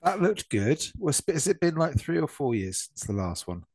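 A man's voice: fairly high pitch, big pitch swings, normal speed, a little mellow, no echo. A man from England co-hosting a casual gaming podcast, jokey and prone to swearing, talking over a call. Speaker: podcast co-host. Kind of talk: casual banter. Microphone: remote call mic.

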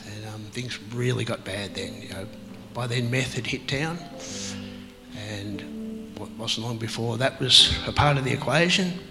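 A man telling his life story as an interview guest, halting and reflective, with many pauses and fillers. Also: medium pitch, big-room sound, over music, rough recording. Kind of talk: personal testimony in an interview.

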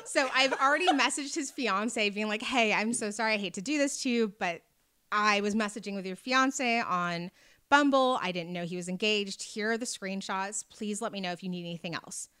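A woman chatting casually, telling an animated story and acting out the people in it. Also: medium pitch, moderate pace, smooth. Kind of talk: casual chat.

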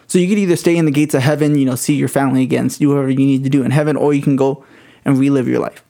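Fast-talking young man telling a rambling story. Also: mid-range voice, steady tone, vocal fry, dark tone. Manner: rambling storyteller, heavy swearing. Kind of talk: casual podcast chat.

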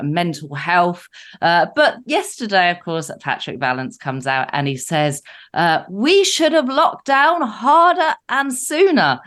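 A woman co-hosting a live radio talk show, her voice deep, husky and bunged up from a cold, chatty with lots of fillers. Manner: frequent fillers, chatty and self-mocking.

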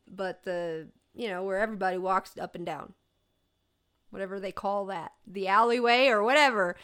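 A woman in her thirties with a slightly high voice tells a story at an unhurried pace. She rambles and giggles often as she talks in a relaxed, casual chat. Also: smooth. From New Mexico. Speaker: podcast co-host.

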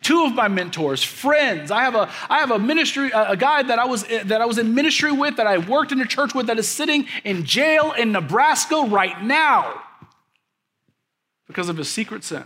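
A pastor in his thirties preaching a sermon, building emphatic repeated lines, then dropping into soft, quiet stories about his family. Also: extremely high pitch, animated, normal speed. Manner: preaching with rising, emphatic repetition; drops to a soft, quiet storytelling voice.

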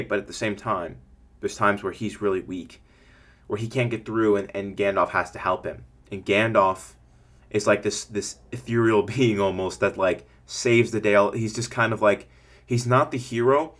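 Here a podcast host with a fairly low male voice coaches small-business owners in a casual style, keeping a moderate pace. He's energetic and tends to ramble, regularly acting out the voices of hypothetical customers.

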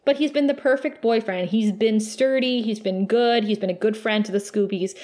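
A woman's voice: fairly high pitch, moderate pace, warm tone. A woman co-hosting a casual podcast, recapping a TV episode in an emotional, gushing way and laughing often. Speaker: podcast co-host.

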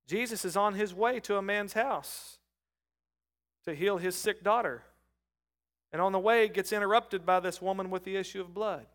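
A middle-aged man preaching a sermon, calling on the congregation and rising from soft talk to loud shouts. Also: high voice, moderate pace. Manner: calls on the congregation to respond. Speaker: pastor.

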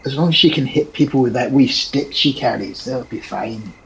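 A man's voice: mid-range voice, moderate pace, creaky, fairly bright tone, a little hiss or hum, low-quality recording. A man voicing Zibby, a wry male adventurer who jokes dryly in a tabletop role-play. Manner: dry, teasing humor, skeptical.

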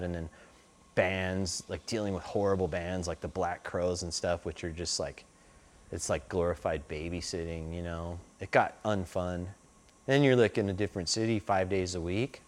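A middle-aged man with a lowish voice, telling his stories casually in a loose, rambling flow. He drops "like" and "you know" all through his sentences. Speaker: interview guest. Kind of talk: casual storytelling.

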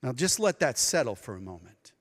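A man preaching a sermon as pastor, dramatic and expressive, now and then acting out the voices of people he quotes. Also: mid-range voice, brisk, in a large hall. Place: church sanctuary.

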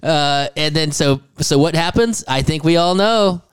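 A man's voice: on the high side, measured pace, smooth, dry recording. A man co-hosting a podcast, recapping a movie in a rambling, profane way and laughing often. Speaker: podcast co-host. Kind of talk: casual crude movie recap.

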